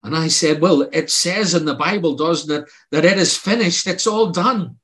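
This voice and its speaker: An older man delivers a sermon built around his own testimony, earnest and pleading, building to emphatic outbursts. His voice is a little high and fairly bright, at a normal speed.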